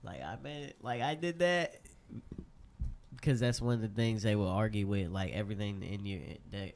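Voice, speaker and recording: A man co-hosting a radio show in casual chat, telling animated joking stories on a studio microphone. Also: on the low side, moderate pace. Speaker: radio co-host.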